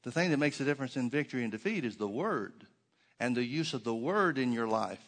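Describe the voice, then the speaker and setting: A man's voice: mid-range voice, lively intonation, fairly quick, a bit bright. A man preaching a sermon to his congregation in a church, emphatic, with many rhetorical questions and repeated phrases. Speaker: pastor.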